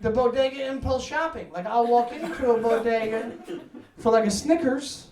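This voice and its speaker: A man doing a stand-up comedy set, energetic and profane with loud, punchy outbursts. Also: extremely high pitch, moderate pace. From United States. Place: New York apartment with live audience. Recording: echoey room, mic at distance, audience laughter.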